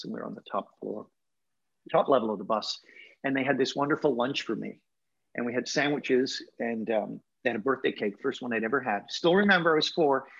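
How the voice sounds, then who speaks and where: Creaky and husky yet fairly bright, the mid-range voice of an English-raised man with a Canadian accent comes through with the highs cut off. In his sixties, he's being interviewed, telling personal stories reflectively and emotionally, with some laughter.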